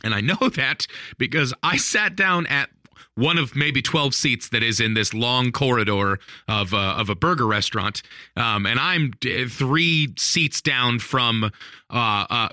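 A married man casually telling a funny story on a podcast, animated, laughing often, with plenty of fillers. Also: medium pitch, normal speed, no echo, clean studio sound. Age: adult, married. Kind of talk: casual chat.

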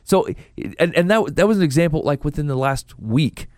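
A man on a faith podcast, chatting casually and telling stories with animated quoted asides. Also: fairly high pitch, fairly quick, no echo, clean studio sound. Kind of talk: casual chat about faith.

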